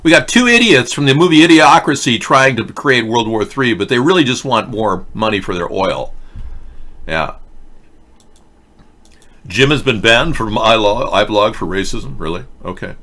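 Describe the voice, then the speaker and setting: A man's voice: medium pitch, animated, moderate pace, sharp tone. A man hosting a livestream political rant, sarcastic, mocking and rambling as he talks to his chat. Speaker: host.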